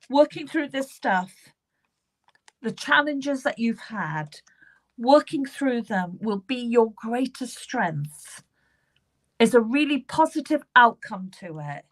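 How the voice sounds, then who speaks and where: British woman medium, reassuring, a little high. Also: animated, takes it slowly. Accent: British English. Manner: warm, reassuring, repeats names and phrases while drawing cards. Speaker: psychic medium giving live card readings. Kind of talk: live online reading.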